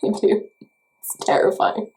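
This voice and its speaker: A woman's voice: unhurried, a little mellow. An Irish woman chatting through a makeup tutorial in a chatty, self-mocking way. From Ireland. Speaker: beauty vlogger. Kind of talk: casual makeup tutorial chat.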